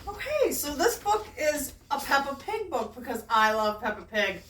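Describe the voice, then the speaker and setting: A woman's voice: high-pitched, sing-song, normal speed, background noise. Sing-song woman reading to children. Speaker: guest storybook reader. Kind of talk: reading a children's book aloud. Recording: roomy, distant mic.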